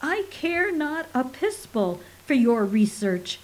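A grandiose male alien scholar declaims in slow, stentorian tones and wails for his dying world, as a woman reader acts him out. His voice sits high and carries loudly, a pompous storybook figure. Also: lively intonation, poor audio. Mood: pleading. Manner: booming, stentorian, wailing.

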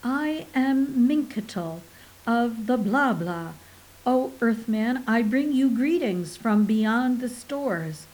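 A woman's voice: on the high side, expressive, takes it slowly, darkish tone, rough recording. A woman voicing a pompous, desperate male alien scholar who speaks in stentorian, wailing tones.

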